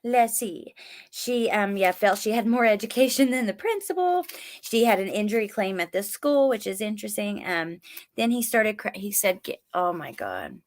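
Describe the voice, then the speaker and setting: A woman's voice: mid-range voice, expressive, normal speed. A woman hosting a casual livestream, recapping trial notes and answering viewers' chat in a chatty way. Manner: chatty, reacts to viewer comments, swears when angry. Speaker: true crime livestream host.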